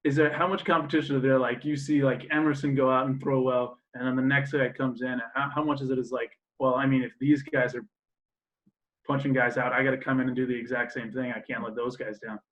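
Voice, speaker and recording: A man hosts a relaxed interview, feeling his way through each question with frequent "uh"s. His voice is mid-pitched, and the recording sounds a little dull and lo-fi. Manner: loose, halting questions with many "uh"s. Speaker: interviewer, team staff host.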